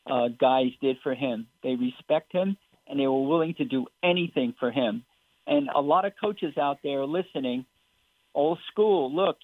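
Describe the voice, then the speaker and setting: A man's voice: fairly high pitch, no echo. A man speaking as a sports psychologist guest on a radio show, earnest and emphatic, asking rhetorical questions. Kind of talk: phone-in radio interview. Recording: tinny phone line.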